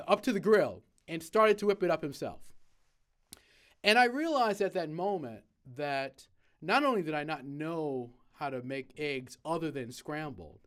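Man, motivational speaker, storytelling with acted-out quotes, fairly high voice. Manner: storytelling, acts out quoted lines with many fillers. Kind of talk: personal story told to camera.

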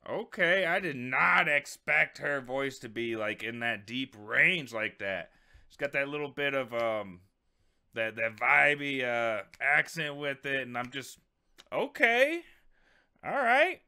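Bright, smooth-voiced American man. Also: mid-range voice, measured pace. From United States. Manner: relaxed, conversational, lots of fillers and repeated words. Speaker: reaction channel host. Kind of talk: casual music reaction chat.

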